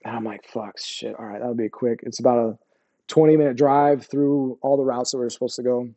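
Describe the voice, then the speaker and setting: A male army veteran recounting war memories in an interview. His voice is mellow and warm at a middle pitch, and his telling is raw and profane, with many restarts and sudden quiet drops. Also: fairly even intonation, lo-fi sound. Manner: profane, halting, restarts often, lowers voice on painful memories. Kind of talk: candid interview storytelling.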